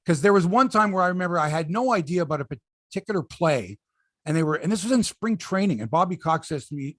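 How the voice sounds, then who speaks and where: High voiced podcast host guy, swears a lot, pokes at his guest, dead dry sound. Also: expressive, quick pace, dry recording. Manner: blunt, profane, teasing. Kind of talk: casual chat.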